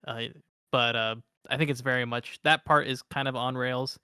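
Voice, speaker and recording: A man's voice: mid-range voice, steady tone, normal speed, bright, forceful tone, clear, resonant tone, dry recording, clean studio sound. A young man co-hosting a gaming podcast, rambling casually with lots of "like" fillers. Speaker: podcast co-host. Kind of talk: casual chat.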